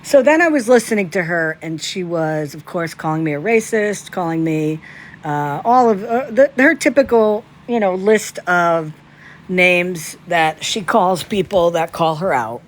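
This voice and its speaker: A woman's voice: on the low side, animated, measured pace. Indignant woman ranting on a phone livestream. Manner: indignant, piles up rhetorical questions. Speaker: livestream commentator. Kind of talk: casual ranting commentary.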